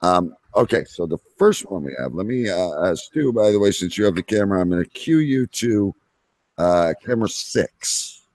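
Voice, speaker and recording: A man's voice: low-pitched, expressive, moderate pace, darkish tone, faint music behind. A man hosting a casual podcast, rambling with many fillers. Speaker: podcast host.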